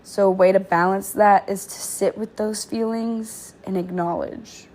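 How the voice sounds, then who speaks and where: A woman reading meditation instructions in a slow, soothing way, then dropping into relaxed, offhand commentary. Her talk is informal and loose, with fillers and casual slang between the calm read-aloud passages. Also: mid-range voice. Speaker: vlogger sharing therapy skills lessons.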